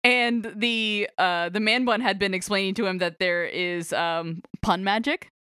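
A woman talks through a comic book story on a podcast, rambling and giggling, and restarting her sentences again and again. Her voice sits at a middling pitch. It sounds close and dry, with no room echo. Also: unhurried, bright, forceful tone, clear, resonant tone. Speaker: podcast co-host. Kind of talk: casual chat recapping a comic book.

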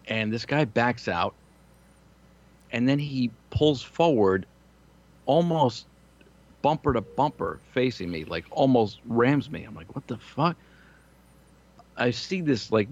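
A man's voice: medium pitch, dull audio. A man in his thirties telling crude, rambling, self-mocking stories in casual chat. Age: 30s.

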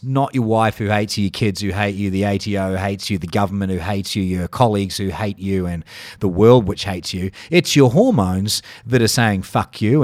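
A man voicing a smooth Australian anti-aging doctor who pitches injections in an over-the-top sales manner. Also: no room sound, clean studio sound, close to an everyday voice.

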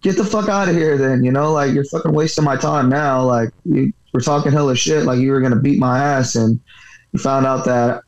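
A man's voice: mid-range voice, level tone, moderate pace, lo-fi sound. A man who fights professionally and coaches boxing, telling a story in a casual interview, rambling, swearing freely and leaning on filler words.

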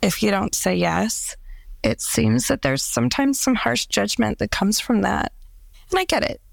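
A woman with a heavy vocal fry reads a reflective personal essay. She is measured and thoughtful. The recording is dry and close. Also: fairly high pitch, no echo.

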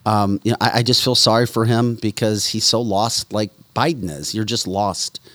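A man's voice: fairly low pitch, steady tone, normal speed, a bit bright, dry recording. Indignant male political talk show host. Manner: indignant, emphatic, repeats phrases.

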